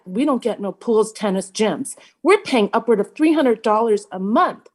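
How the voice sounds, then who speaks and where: Casting: high-pitched woman, blunt and fed up, city meeting public comment. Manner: frustrated, emphatic, blunt.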